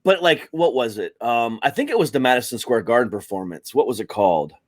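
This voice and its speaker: A man's voice: medium pitch, expressive, a little fast. A man co-hosting a podcast in casual chat, a comedian talking in a laid-back, rambling way with lots of fillers.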